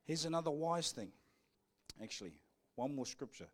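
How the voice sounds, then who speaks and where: A man's voice: a little high, animated, normal speed. A man with a New Zealand accent preaching a live church sermon in a playful, cheeky way, acting out back-and-forth conversations. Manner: playful, cheeky, jokey with the congregation; acts out back-and-forth dialogues. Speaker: pastor. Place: church service.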